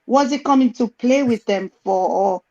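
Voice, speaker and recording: Excitable woman on a dull call line. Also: fairly high pitch, moderate pace. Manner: excitable, loud when excited. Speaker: caller on livestream. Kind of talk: casual livestream discussion. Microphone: earphones on video call. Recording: dull lo-fi call audio, breaking up.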